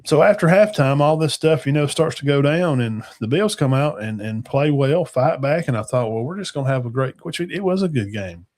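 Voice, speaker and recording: A man's voice: on the high side, lively intonation, moderate pace, few pauses, a little mellow. Folksy man rambling about football. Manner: rambling, folksy, trails off into mumbles. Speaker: sports talk show host. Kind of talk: casual sports talk.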